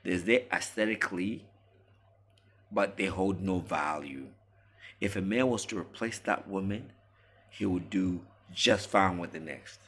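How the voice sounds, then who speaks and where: Male commentator, low pitch, preachy and emphatic, talking straight to the viewer. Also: measured pace, fairly bright tone, husky. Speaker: relationship commentator. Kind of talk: monologue to camera.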